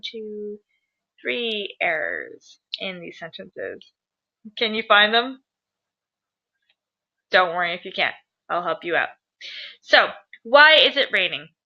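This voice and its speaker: Bright chatty lady teacher going over grammar, kinda high voice, dull lo-fi sound. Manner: chatty, upbeat, asks viewers questions. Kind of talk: grammar lesson to camera. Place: at home.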